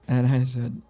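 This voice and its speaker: Brief: middle-aged male stream host, mellow gravelly voice, rambling self-deprecating storyteller. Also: mid-range voice. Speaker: livestream host. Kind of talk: casual livestream chat while drawing.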